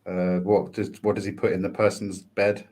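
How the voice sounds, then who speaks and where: A man's voice: low-pitched, flat delivery, normal speed, darkish tone. A man co-hosting a podcast, asking playful questions with hesitant restarts. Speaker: podcast co-host. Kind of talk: casual chat.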